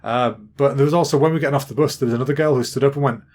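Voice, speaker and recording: A man's voice: medium pitch, rapid-fire, a little mellow. Chatty English man in his thirties. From England. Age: 30s. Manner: rambling, chatty, jokey. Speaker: podcast host. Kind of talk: casual storytelling monologue.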